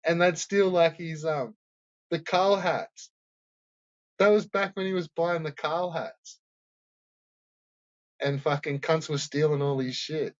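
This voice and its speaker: Profane, rambling man, slightly high. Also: steady tone, slow, long pauses, no room sound, dull audio. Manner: profane, rambling, laughs often. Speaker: commentator. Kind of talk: casual rambling commentary.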